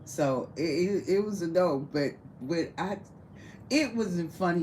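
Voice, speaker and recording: A woman's voice: sits low, lively intonation, a little slow, dark tone, a little hiss or hum, low-quality recording. A woman telling a rowdy, profane story in casual conversation, often breaking into laughter. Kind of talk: casual storytelling to a small audience.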